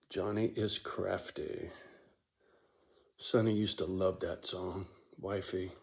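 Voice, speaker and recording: A man's voice: low-pitched, mellow. A man talking straight to camera in a casual, emotional monologue, blunt and profane, and he keeps checking in with "right?". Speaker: vlogger running a dog rescue.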